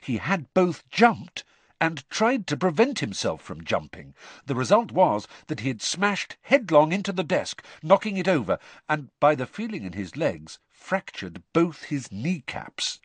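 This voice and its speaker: A man narrating an audiobook in an expressive storytelling manner. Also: fairly high pitch, unhurried, slightly rough, no room sound. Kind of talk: scripted narration.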